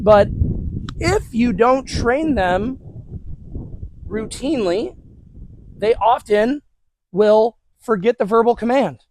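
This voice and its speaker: A man working as a dog trainer, casually talking viewers through a hands-on demonstration with his dog outdoors. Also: very high voice.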